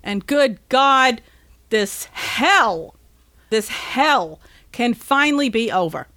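A woman's voice: a little high, lively intonation, takes it slowly, sharp tone, no echo, clean studio sound. A woman hosting a podcast, ranting in an agitated, sarcastic and profane way before chatting with a caller. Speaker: podcast host. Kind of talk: ranting monologue, call-in chat.

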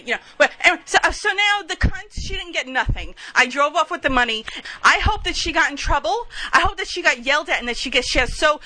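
A woman talks in a loose, rambling monologue, circling back and losing her thread as she tells stories from her day. Her voice sits a little high and sounds bright, and she laughs at herself and swears freely along the way. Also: poor audio. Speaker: vlogger telling stories. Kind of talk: casual monologue, storytelling.

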